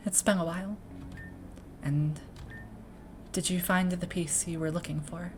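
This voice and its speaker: A woman's voice: lowish voice, fairly even intonation, unhurried, slight background noise, natural voice. A woman reading a subdued, weary game character. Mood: wistful. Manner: soft, subdued, reflective. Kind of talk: reading game dialogue aloud.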